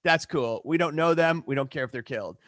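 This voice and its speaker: A man guest, a film director, talking in casual chat, halting with many stammered restarts. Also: fairly high pitch, fairly bright tone.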